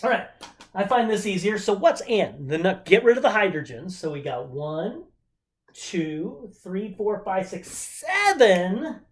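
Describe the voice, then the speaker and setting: Here the instructor's medium-pitched voice is highly animated yet slightly slow. It's a laid-back remote chemistry lecture, full of playful remarks as she counts.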